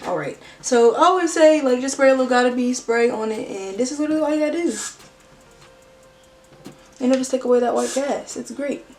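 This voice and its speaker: A woman's voice: high voice, fairly quick, a little mellow, distant mic. A young woman chatting casually as she cuts a wig in a beauty vlog, full of slang and fillers like "like". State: out of breath. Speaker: beauty vlogger. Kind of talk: casual hair tutorial chat. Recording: roomy echo, mic set back, faint music.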